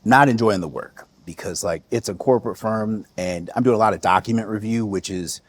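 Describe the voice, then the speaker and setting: A man from the United States, a podcast guest, telling stories in a relaxed way and laughing often. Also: on the low side, a little fast. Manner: relaxed, laughs often, quotes others in lively voices. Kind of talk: casual interview storytelling.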